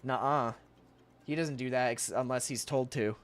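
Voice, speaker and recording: A man's voice: medium pitch, normal speed. A young man streaming while he draws, rambling casually to chat, reading messages aloud and often laughing.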